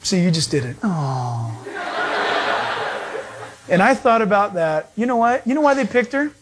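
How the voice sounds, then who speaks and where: Male pastor, high voice, animated sermon storyteller who does the voices of his characters. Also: fast. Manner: storytelling, animated, acts out voices of people he quotes.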